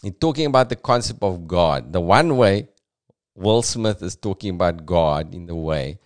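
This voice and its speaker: A man's voice: sits low, expressive, moderate pace. A South African man giving casual, reflective commentary as a podcast host, full of "you know"s.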